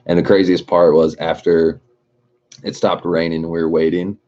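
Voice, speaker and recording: A young man streamer telling a story in casual, profane, animated chat, often laughing. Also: deep voice, moderate pace, muffled recording.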